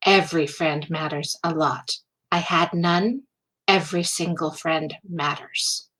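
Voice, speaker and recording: A woman's voice: sits low, steady tone, a little slow, fairly bright tone, pitched below the performer's own voice. A woman voicing a lonely female ranger who speaks dead seriously. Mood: solemn.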